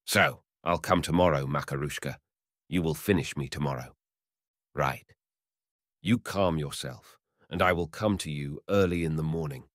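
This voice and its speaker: A man voicing a stingy older customer who talks in a brisk, dismissive, matter-of-fact way. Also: very deep voice, no room sound, clean studio sound. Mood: brusque. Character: older man, smug miserly customer, blunt.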